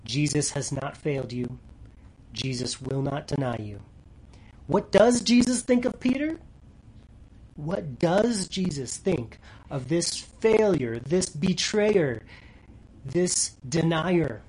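A man preaching a sermon earnestly, dropping to soft near-whispers for tender lines and rising loud when reading scripture. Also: on the high side, lively intonation, takes it slowly, slightly rough, rough recording. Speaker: pastor.

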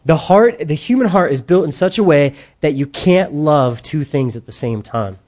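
Man preaching, somewhat high voice, conversational sermon, acts out quotes, middle-aged. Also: animated, moderate pace, a little mellow. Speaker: pastor.

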